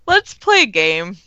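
A woman's voice: mid-range voice, bright, forceful tone, no echo. A woman hosting a film podcast, steering the group to the next topic. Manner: steers the talk. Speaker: podcast host. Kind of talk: casual film chat. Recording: dry, dull lo-fi sound.

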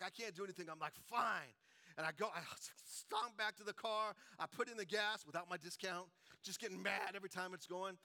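A middle-aged male preacher with a high, bright and ringing voice. He delivers a sermon in a storytelling way, often checking in with the congregation with quick rhetorical asides. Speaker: pastor.

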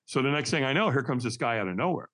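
A man telling a personal story as a podcast guest, energetic and vivid, acting out what others said. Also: mid-range voice, quick pace. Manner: energetic, acts out quoted voices, frequent restarts. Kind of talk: animated storytelling.

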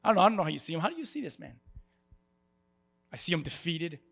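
Man preaching, high voice, gravelly edge, animated, calls on the congregation. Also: fast talker. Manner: animated, talks to the congregation with call-and-response. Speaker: pastor. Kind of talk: sermon. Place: church before a congregation.

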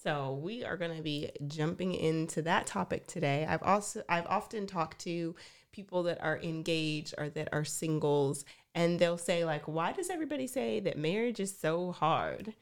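A woman with a fairly low voice, speaking at a normal pace, co-hosts a relationship podcast. She welcomes listeners and guides the conversation by asking questions.

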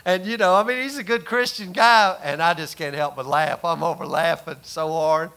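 Bright, high-voiced folksy preacher man. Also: normal speed. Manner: folksy storytelling, laughing, rising to loud emphasis. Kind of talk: sermon with personal story.

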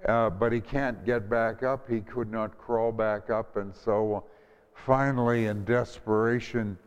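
A male pastor giving a gentle sermon, with prayerful pauses and restarts, recorded in a church with a dull sound and a long hall echo. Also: on the low side, steady tone, clear, resonant tone. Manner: gentle, prayerful delivery with frequent ums and restarts.

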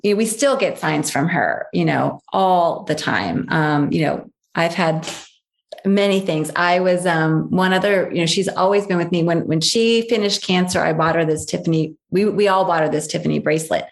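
A woman's voice: on the low side, animated, moderate pace, creaky. Woman telling a family story, repeating for emphasis. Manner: emphatic, repeats key phrases; acts out others' voices in quotes. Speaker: guest. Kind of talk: personal storytelling.

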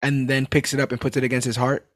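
A man hosting a casual chat, talking in a rambling, animated way and swearing casually. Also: mid-range voice, fast, dry recording, studio quality.

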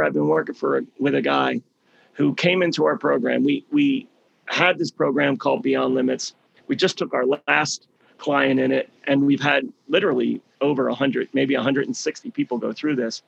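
A middle-aged man giving a motivational talk, his voice deeply gravelly and husky. He tells stories with emphasis, doubling words to drive a point home. The sound is close and dry, with no room around it. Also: no echo, lo-fi sound. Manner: emphatic storytelling, repeats words for stress. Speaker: healing program leader.

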